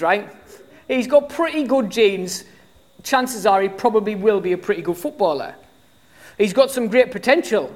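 A British preacher in their thirties delivers a sermon in a relaxed, conversational way. The delivery is animated, with frequent ums and restarts as thoughts form mid-sentence. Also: medium pitch. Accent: British English. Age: 30s. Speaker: pastor.

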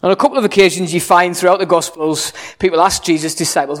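A man's voice: high voice, fairly even intonation, fast talker, hardly any pauses. A man preaching a sermon in a conversational, humorous way, full of rhetorical questions. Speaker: pastor.

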